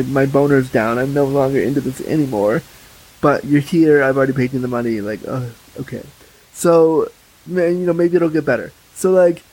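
A man with a husky voice, a podcast guest telling candid stories in a blunt, animated way. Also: medium pitch, poor audio. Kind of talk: casual podcast chat.

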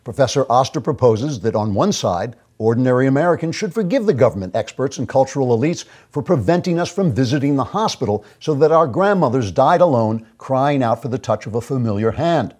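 A man's voice: mid-range voice, expressive, a little fast, few pauses, a little mellow. A man hosting his own show, delivering a sarcastic, mock-grandiose commentary monologue. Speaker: host.

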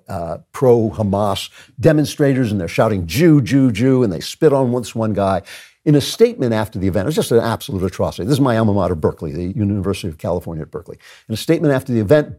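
A man hosts his own show, giving a sincere opinion monologue full of personal asides and repeated phrases. His voice is dark with a breathy edge, and his pitch jumps sharply whenever he drives a point home.

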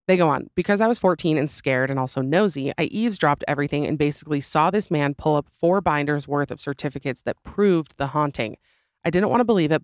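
A woman podcast host with a sore throat reads listener stories and wanders into joking, self-deprecating tangents. Her voice sits low for a woman and is recorded close and dry. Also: no echo. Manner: chatty, rambling asides and self-deprecating jokes. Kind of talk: casual podcast chat and story reading.

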